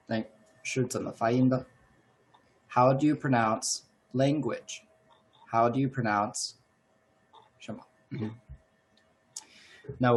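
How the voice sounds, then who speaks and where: A man teaching a language lesson at an unhurried, deliberate pace, with a voice of middling pitch. He repeats each useful phrase patiently and moves back and forth between two languages. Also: poor audio.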